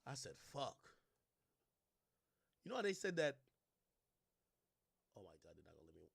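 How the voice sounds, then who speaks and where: A young man ranting in casual commentary, mocking and swearing, swinging from low mutters to loud outbursts. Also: wildly swooping pitch, normal speed, vocal fry, husky. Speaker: commentary streamer.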